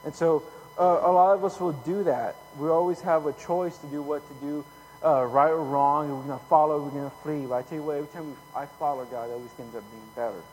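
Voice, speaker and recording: A man preaching a casual, conversational sermon full of slang, growing louder when he reads scripture. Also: fairly high pitch, steady tone, fast. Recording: hall reverb, faint hum.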